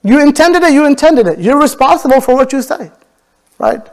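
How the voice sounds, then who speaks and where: A man's voice: extremely high pitch, animated, brisk, low-quality recording. A man, an imam, giving an explanatory Islamic lecture on jurisprudence in a mosque, often repeating words as he looks for the phrasing.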